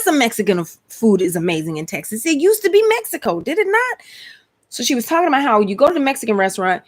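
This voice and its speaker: A woman with a Georgia accent hosting a casual live stream, chatty and slangy. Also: medium pitch. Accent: Georgia, US South. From Atlanta, USA. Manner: chatty, lively, slangy, exclamatory. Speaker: host.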